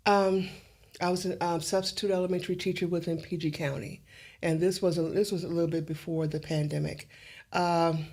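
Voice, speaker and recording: A middle-aged woman, an interview guest, telling her story in an animated way and acting out the dialogue. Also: lowish voice.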